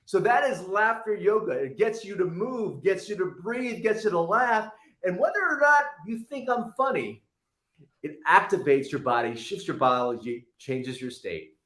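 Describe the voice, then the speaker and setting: A man guest leading a laughter yoga exercise, bursting into loud chanting laughs and shouted cheers. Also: high voice, expressive, moderate pace. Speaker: guest health coach. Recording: roomy echo.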